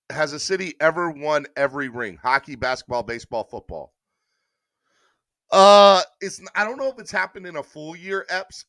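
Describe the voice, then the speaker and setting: A man's voice: mid-range voice, a bit bright, dry recording, clean studio sound. A man hosting a casual sports podcast live stream, rambling chattily and reading viewer comments aloud. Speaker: podcast host.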